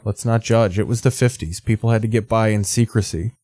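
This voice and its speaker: A man's voice: fairly low pitch, fairly even intonation, a little fast. Profane sarcastic man riffing on a show. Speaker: commentator. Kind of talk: crude reaction commentary.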